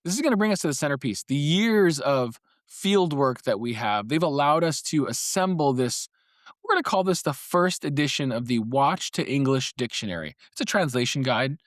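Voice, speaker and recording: A man's voice: medium pitch, lively intonation, normal speed, dry recording, studio quality. A man hosting a solo comic podcast, talking in a wry, playful, conspiratorial way and laughing between phrases. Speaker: podcast host.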